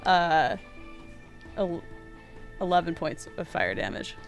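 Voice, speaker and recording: A woman's voice: lowish voice, very animated, slow pace, creaky, soft background music. A woman playing a tabletop game, chatting and laughing through her dice rolls. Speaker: player. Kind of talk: casual tabletop play.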